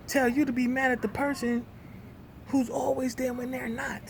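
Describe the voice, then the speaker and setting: A young man, venting in a heated, profane rant that swings between loud outbursts and low muttering. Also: animated, fairly quick, gravelly, slight background noise.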